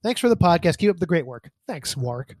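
A man's voice: fairly high pitch, big pitch swings, a little fast, a little mellow, dry recording. A man co-hosting a podcast, chatting casually and teasingly, reading out listener emails. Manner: teasing, offhand, reads listener emails aloud. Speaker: podcast co-host. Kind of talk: casual chat. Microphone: desk mic.

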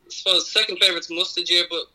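A man with an Irish accent calls in to give his racing tips, his voice very bright and a little high. He talks through the form methodically, with plenty of ums along the way. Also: steady tone, fast, low-quality recording. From Ireland. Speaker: caller giving racing tips. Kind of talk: phone-in tips on a sports radio show.

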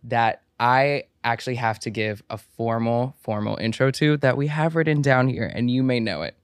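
A man from the Washington, D.C. area hosting a podcast, talking in a playful, excitable, camp way. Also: medium pitch, normal speed, clean tone, no room sound. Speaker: podcast host. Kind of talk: casual interview chat.

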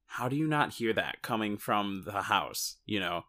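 A man's voice: on the low side, lively intonation, normal speed, pushed and bright. A man co-hosting a casual podcast, talking through a movie in rambling, self-interrupting sentences with joking asides. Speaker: podcast co-host. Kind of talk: casual movie-recap chat.

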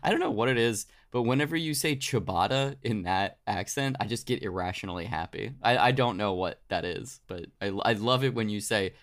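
A man's voice: on the low side, animated, a little fast, hardly any pauses, a bit bright. A man co-hosting a history podcast, joking casually with his partner. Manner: jokey, playful, reads quotes aloud. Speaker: co-host.

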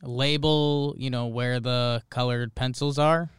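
A man's voice: mid-range voice, fairly even intonation, takes it slowly, clean tone, dry recording. A man co-hosting a podcast, with dry quips and short replies. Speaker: podcast co-host. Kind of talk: casual chat. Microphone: studio mic.

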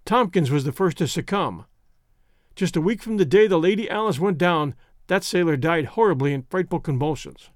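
A man narrating an adventure story in a measured, dramatic reading. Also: fairly high pitch, animated, no room sound, studio quality. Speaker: audiobook narrator. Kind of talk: scripted narration.

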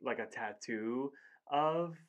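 A man's voice: medium pitch, slow pace. A man with an ordinary mid-range voice co-hosts a podcast and chats loosely with a friend. He fills his sentences with "like" and laughs easily. He tells stories in an easygoing way. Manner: chatty, laughs often, says "like" a lot. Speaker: podcast co-host. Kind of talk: casual chat.

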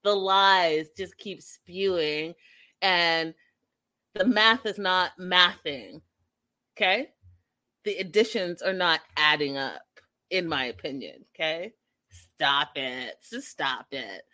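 A woman's voice: fairly low pitch, slow, sharp tone. A young woman giving blunt, sarcastic commentary in a casual way, swearing at times.

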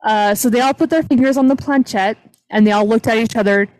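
A woman's voice: a little high, a little fast, a little mellow, dry recording, poor audio. A young woman hosting a casual podcast, retelling a paranormal investigation with lots of fillers. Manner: chatty, retelling a paranormal story with many "like" fillers. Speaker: podcast host. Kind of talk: casual storytelling chat.

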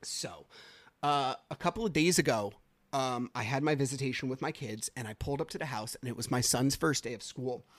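A man hosts a podcast in a casual storytelling voice, circling back on himself with fillers and restarts. His voice sits at an ordinary middle pitch for a man. The sound is close and dry, with no room around it. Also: brisk, dry recording. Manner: rambling, conversational, many fillers and restarts. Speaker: podcast host.

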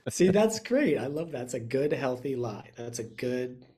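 A man in casual chat, relaxed and open, swearing freely as he talks with a friend. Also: medium pitch, moderate pace.

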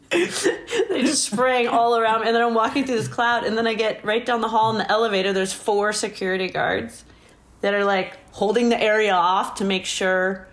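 A woman's voice: fairly high pitch, normal speed, slight background noise. A woman guest telling a story in a casual interview, laughing often and acting out what people said. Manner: animated, laughing often, acts out quoted lines.

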